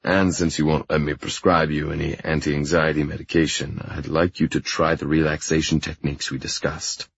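A man reading an audiobook, voicing a patient male therapist who speaks in a measured, reassuring way. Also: extremely low pitch, flat delivery, vocal fry, husky, no echo, dull audio, full character voice. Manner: measured, reassuring, slightly exasperated.

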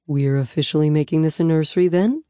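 A woman voicing a calm, patient young husband who speaks softly and reassuringly, with a light teasing edge. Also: low-pitched, fast talker, clean tone, no echo, clean studio sound, close to an everyday voice. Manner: soft, reassuring and lightly joking.

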